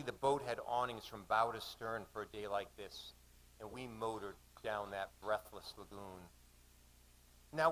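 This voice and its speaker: A man reciting a seafaring story aloud at a live cafe reading, his voice at a middling pitch. He lingers over the images in a measured, vivid recitation. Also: fairly bright tone, low-quality recording. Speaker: poet. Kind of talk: spoken-word storytelling.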